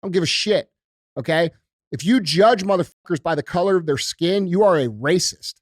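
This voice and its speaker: A man's voice: sits high, animated, fairly quick, dry recording, studio quality. A man hosting a podcast, ranting emphatically and heatedly with heavy profanity. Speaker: podcast host. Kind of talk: casual podcast rant.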